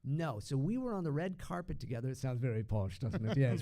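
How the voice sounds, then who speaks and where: Man, voice actor, gravelly voice, casual podcast chat, chatty and playful. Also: medium pitch, lively intonation, fairly quick, hardly any pauses, warm tone. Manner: chatty, slips into impressions. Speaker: voice actor guest.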